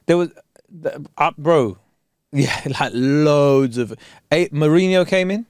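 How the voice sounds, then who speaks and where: A man's voice: a little high, slow pace, darkish tone, smooth, no echo, clean studio sound. Slangy man telling stories. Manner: slangy, storytelling, swears freely. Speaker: podcast co-host. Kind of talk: casual chat.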